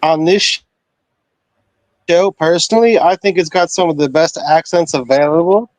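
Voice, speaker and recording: A man calling into a live online discussion, speaking haltingly with many restarts over a laggy internet connection. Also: fairly high pitch, no room sound. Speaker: caller. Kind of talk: casual chat. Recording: dull lagging internet call.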